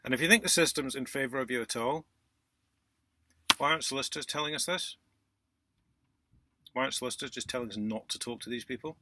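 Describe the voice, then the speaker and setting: A man vlogging in a casual, indignant monologue, sarcastic, with loud outbursts and muttered asides. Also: medium pitch, quick pace, pauses often. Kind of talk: casual ranting monologue to camera.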